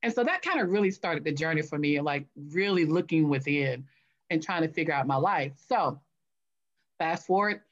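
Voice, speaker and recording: Animated storytelling woman, lo-fi. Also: low-pitched, moderate pace. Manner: animated, acts out her own past voice. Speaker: guest, author. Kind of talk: interview storytelling.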